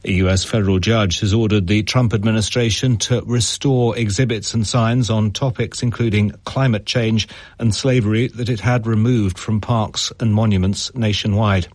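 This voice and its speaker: A male newsreader with a lowish voice gives a formal bulletin in an even, measured way. The booth sound is dry and close. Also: no echo. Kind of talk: news bulletin reading. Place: studio.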